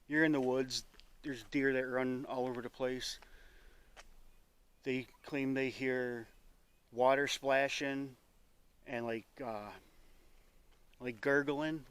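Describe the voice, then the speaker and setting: A man's voice: mid-range voice, clear, resonant tone. Jittery man rambling alone in woods. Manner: nervous, rambling, self-correcting. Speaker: paranormal investigator. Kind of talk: solo outdoor vlog narration. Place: outdoors in the woods at a campsite. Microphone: microphone with a phone beside it.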